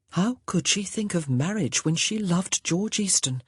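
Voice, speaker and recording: Breathy, low woman narrating a romance. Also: expressive, unhurried, few pauses, no room sound, studio quality. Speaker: audiobook narrator. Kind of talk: scripted narration.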